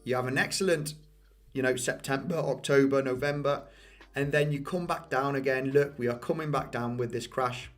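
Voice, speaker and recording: A man's voice: mid-range voice, fairly even intonation, moderate pace, soft background music. A man giving casual market commentary over price charts, losing his voice, repeating himself and often asking "okay?". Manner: repetitive, addresses viewers as guys, frequent "okay?" and "you know". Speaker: crypto market analyst.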